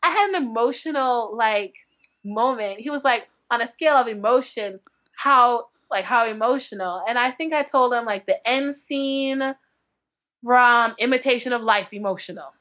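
A woman book blogger chatting as a podcast guest, telling lively stories with frequent laughter and acted-out quotes. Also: fairly high pitch, moderate pace. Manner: animated, laughing often, acts out quotes. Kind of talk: chatty podcast interview storytelling.

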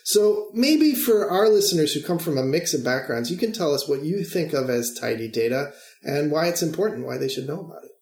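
Podcast host, male, casual and jokey, slight vocal fry, roomy echo. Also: on the high side, expressive, a little fast, a little mellow. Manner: chatty, jokey, prone to fillers.

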